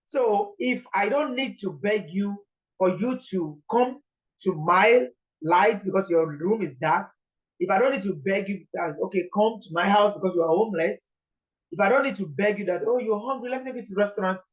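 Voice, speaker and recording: A woman's voice: medium pitch, moderate pace, low-quality recording. A Nigerian woman preaching an informal sermon in an earnest, pleading way, repeating her points.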